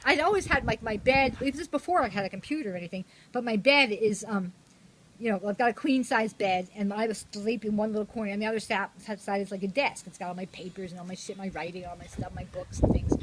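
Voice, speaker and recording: A woman's voice: medium pitch, quick pace. An older woman telling a rambling, profane story in casual chat, laughing often. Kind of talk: casual anecdote. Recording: noisy home recording.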